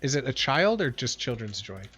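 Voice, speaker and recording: A livestreamer with a medium-pitched, sing-song voice that's a bit bright and husky chats at normal speed, rambling and slangy with lots of "like" and "bro." The audio is dull and lo-fi, with faint music.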